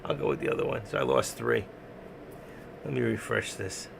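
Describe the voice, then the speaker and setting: A man's voice: mid-range voice, normal speed, vocal fry, noisy background. A man with a New York accent hosting a live stream in casual chat, talking bluntly and ramblingly, often laughing.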